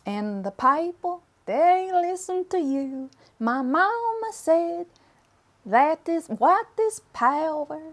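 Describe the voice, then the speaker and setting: A woman's voice: sits high, expressive, voice pushed up. A woman doing a bad mock-Swedish lady. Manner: slow, exaggerated, sing-song.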